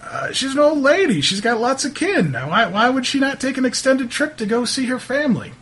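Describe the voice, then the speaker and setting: A man's voice: very high voice, big pitch swings, a little fast, a bit bright, slightly rough, pitched above the performer's own voice, full character voice. A man voicing a grumpy rural drinker who brushes off questions defensively. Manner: defensive, exasperated.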